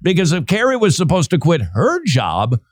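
A man hosting a talk show, giving sarcastic, animated commentary and laughing often. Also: on the high side, normal speed, no room sound, clean studio sound. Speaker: podcast host. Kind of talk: casual commentary.

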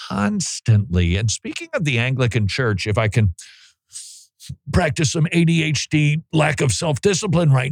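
A man's voice: medium pitch, darkish tone, dry recording. Male host, sarcastic commentary, mocking asides, dry close mic. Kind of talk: opinion talk show commentary.

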